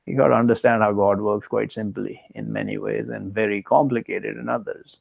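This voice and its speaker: A man's voice: lowish voice, level tone, a little fast, creaky, breathy edge, no echo. A man reading literal scripture verses aloud and then retelling them casually, chuckling often. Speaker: scripture commentator.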